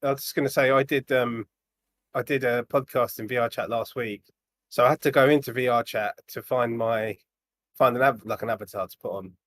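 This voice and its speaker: A British man with an ordinary mid-range voice, talking casually and excitedly on a podcast. He rambles a little and laughs easily. The recording is dry and close to the mic. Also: medium pitch, a little fast, no echo. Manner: chatty and excitable, laughs often.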